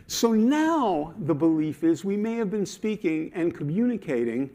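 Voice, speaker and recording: A man delivers a talk from a conference stage. His voice sits a little high and leaps around expressively, and he acts out his examples with playful emphasis. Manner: animated and playful, acting out examples. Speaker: conference speaker.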